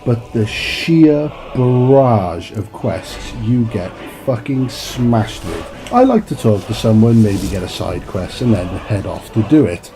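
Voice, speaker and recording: A man's voice: lowish voice, expressive, takes it slowly, few pauses. A man giving a profane, exasperated rant as a gaming commentator. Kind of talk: ranting game review.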